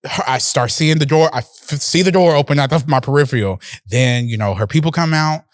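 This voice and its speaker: Animated, profane male podcast storyteller. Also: a little high, fairly quick, dry recording. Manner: animated, profane, laughs often. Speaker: podcast host. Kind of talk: casual storytelling.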